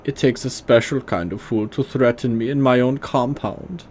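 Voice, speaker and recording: A man's voice: mid-range voice, normal speed, darkish tone, a little hiss or hum, voice pushed up, natural voice. A man voicing a sneering, arrogant male extremist leader with a put-on German accent and a foppish, mocking manner. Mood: gloating.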